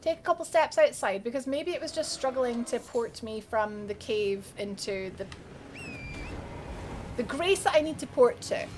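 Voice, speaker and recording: Chatty, giggly high-voiced Scottish woman. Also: normal speed, slight background noise. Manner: chatty, giggly, reads chat aloud. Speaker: streamer. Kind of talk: live gameplay stream chat.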